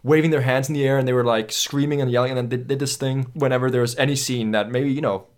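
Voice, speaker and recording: A young Danish man with a Danish accent, co-hosting a film podcast and telling stories in a casual, animated way with casual swearing. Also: mid-range voice, fast talker. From Denmark. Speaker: podcast co-host. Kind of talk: casual film review chat.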